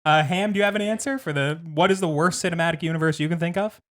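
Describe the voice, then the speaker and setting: A man's voice: a little high, fast, fairly bright tone. A man hosting a podcast, chatting casually and reading a comedy script aloud, often laughing. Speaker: podcast host.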